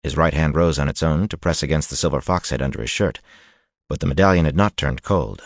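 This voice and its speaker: A man reading a fantasy audiobook in a steady, even storytelling manner. His voice sits deep and the recording is close and completely dry. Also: brisk, no echo. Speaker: audiobook narrator. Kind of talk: scripted narration.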